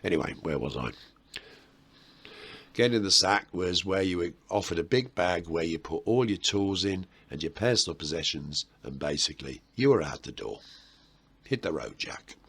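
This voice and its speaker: A low, husky-voiced man with a Birmingham accent talks to camera about history. His delivery is chatty and meandering, and he drops in playful asides as he explains things. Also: lively intonation, normal speed, a bit bright. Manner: chatty and rambling, with self-mocking asides. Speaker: history video host.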